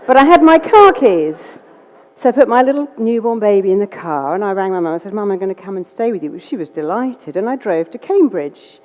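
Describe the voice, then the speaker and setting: An English woman tells a lively story, a therapist on stage who slips into other voices for the dialogue. Her voice sits at a middling pitch, carried on a long hall reverb. The recording sounds slightly dull. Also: fairly quick. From England. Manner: lively, acts out quoted dialogue in changed voices. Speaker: therapist and public speaker. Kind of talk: storytelling talk.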